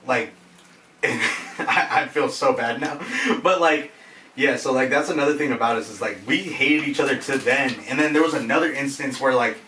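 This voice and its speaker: Young man, casual story, bright voice, heard from off-mic, echoey room, faint noise. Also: mid-range voice, normal speed, far from the mic. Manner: animated, laughing, swears often, many fillers. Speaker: guest telling a story.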